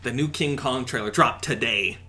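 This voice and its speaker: A man co-hosting a podcast, chatting casually about movies in an excitable, ranting way with frequent laughs. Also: medium pitch, normal speed. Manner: excitable, laughs often, rants. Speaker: podcast co-host.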